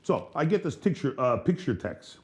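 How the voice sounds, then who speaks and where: A man telling long, crude stories on a podcast. His pitch jumps around a lot as he acts out what each person said. He is loose, rambling and swears freely. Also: sing-song, normal speed, darkish tone. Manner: profane, rambling, acts out both sides of remembered dialogue. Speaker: podcast co-host. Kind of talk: casual storytelling chat.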